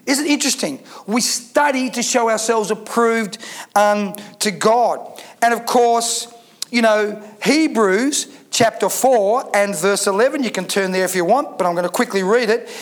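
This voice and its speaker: A man's voice: high voice, measured pace. A man pastor preaching a sermon to his church, emphatic and full of rhetorical questions.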